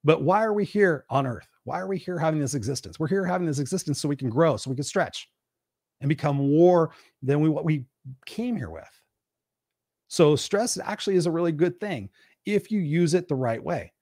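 A man's voice: lively intonation, moderate pace, darkish tone, no echo, studio quality. A tired man hosting a live stream, giving a preachy motivational talk and answering his own questions. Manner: acts out whiny quoted complaints in a high voice. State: tired and burned out. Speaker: host of a weekly live stream; parent.

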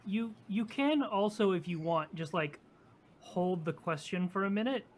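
A man with a fairly high voice playing a tabletop role-playing game. He describes his character's moves in a rambling, animated way, full of fillers. Faint noise sits under his voice. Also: unhurried. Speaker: player.

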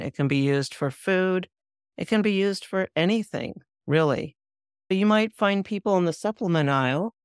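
Calm woman teaching spiritual practice. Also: deep voice, smooth, dry recording, studio quality. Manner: calm and deliberate, slowing down on key words. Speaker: spiritual podcast host. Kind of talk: instructional spiritual talk.

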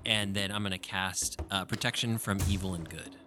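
A man's voice: sits low, normal speed, music in the background. A man playing a tabletop game, describing his character's moves and spells in an engaged, casual way. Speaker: player.

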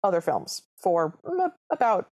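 Lower-voiced woman with dry wit. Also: wildly swooping pitch, unhurried, a little mellow, slightly rough. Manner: dry, wry asides. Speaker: podcast co-host. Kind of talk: casual movie recap chat.

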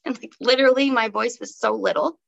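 A young woman talks through a personal story as a podcast guest, chatty and loose, with lots of "um" and "like". Her voice has a gravelly edge of vocal fry. The audio is dull and somewhat lo-fi. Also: medium pitch, steady tone, moderate pace, fairly bright tone. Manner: chatty, many fillers like "um" and "like". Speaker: podcast guest, breathwork teacher. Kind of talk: casual conversational storytelling.

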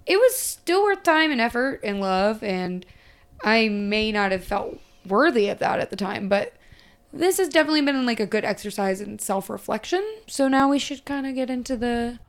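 A woman's voice: fairly high pitch, lively intonation, normal speed, smooth. A woman hosting a podcast who chats casually, recaps a film sarcastically, swears freely and acts out the characters. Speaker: podcast host.

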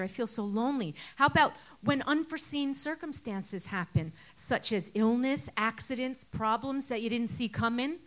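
Earnest woman preaching a sermon. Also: a little high. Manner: earnest, conversational, with rhetorical questions.

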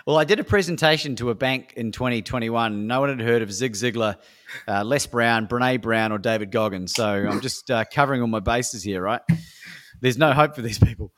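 A man's voice: mid-range voice, normal speed. An Australian man, a speaker and coach, telling stories energetically as an interview guest and acting out dialogue. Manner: energetic, acts out dialogue, frequent restarts. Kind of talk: animated interview storytelling.

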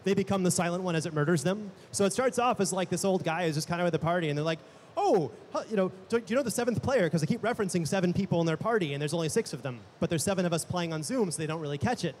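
A man on a live panel, a podcast game master, rambling quickly through a story about his game. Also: high-pitched, slight background noise. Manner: rapid, rambling storytelling with restarts. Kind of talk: casual panel chat.

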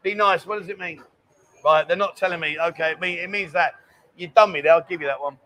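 High-voiced fast-talking london guy, hungover, cracking jokes on a live show. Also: sharp tone. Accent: London English. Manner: jokey banter, quick and chatty. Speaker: co-host of a livestream. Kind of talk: casual chat, reading viewer comments.

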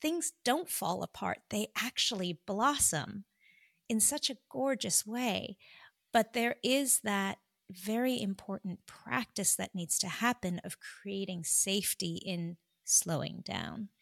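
A woman guest, a doctor, telling a personal story in an earnest, confessional way, slowing down for emphasis. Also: mid-range voice, vocal fry, no echo, clean studio sound.

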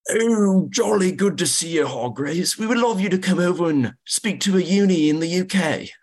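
Jolly posh old Englishman put on by a man, mock British accent, high and loud, plummy. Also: lively intonation, moderate pace. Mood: jovial. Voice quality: exaggerated upper-class voice.

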